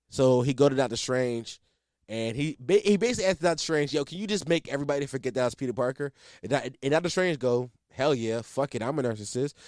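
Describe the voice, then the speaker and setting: A man's voice: mid-range voice, darkish tone, dry recording, clean studio sound. A man hosting a podcast, chatting casually about a movie in a loose, emphatic way full of fillers and swearing. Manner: loose and emphatic, heavy on "like" and profanity. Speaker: podcast host. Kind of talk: casual movie review chat.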